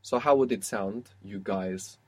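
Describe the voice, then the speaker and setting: A man's voice: lowish voice, unhurried. Patient man teaching a language lesson. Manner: patient, prompting the student step by step.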